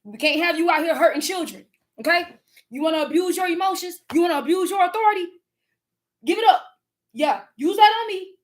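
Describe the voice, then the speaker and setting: A woman with a Southern US accent, talking in a casual spiritual vlog, animated and profane, often laughing and repeating words. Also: very high-pitched, quick pace. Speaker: spiritual content creator.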